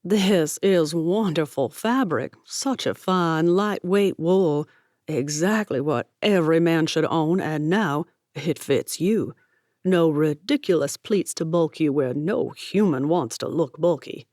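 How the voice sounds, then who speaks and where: A flamboyant tailor man drawls his words in a loud, grand, slow manner, as a woman narrator plays him. He is affected and a bit too familiar, in a storybook reading. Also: low voice, no room sound, clean studio sound. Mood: grandiose.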